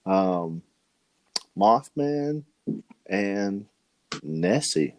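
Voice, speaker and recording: Lively, rambling male podcast co-host. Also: lowish voice, extremely slow, a little hiss or hum. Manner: rambling with frequent restarts. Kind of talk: casual chat.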